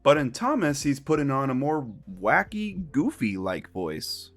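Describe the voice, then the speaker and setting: A man's voice: mid-range voice, big pitch swings, a little slow, soft background music. A man narrating a scripted retrospective commentary, opinionated and wry.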